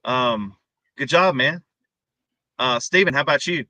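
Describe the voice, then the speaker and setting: A man hosts a wrestling podcast and passes the talk to his co-hosts with hesitant fillers. He speaks slowly, and his tone is very bright and tense. The sound is dry and close. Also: mid-range voice, no room sound. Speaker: podcast host. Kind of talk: casual chat.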